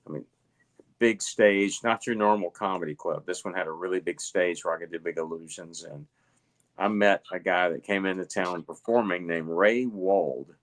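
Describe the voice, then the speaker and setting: A middle-aged man with a Southern US accent, telling stories at a relaxed pace with lots of fillers as a guest in an interview. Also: deep voice, moderate pace. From Alabama. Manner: rambling, relaxed storytelling with many fillers. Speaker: guest, illusionist. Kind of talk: casual interview chat.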